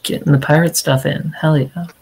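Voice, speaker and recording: A man in a committee meeting over a video call, relaxed and a little hesitant. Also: fairly high pitch, moderate pace, gravelly, breathy edge, low-quality recording. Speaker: committee member. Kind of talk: casual online meeting.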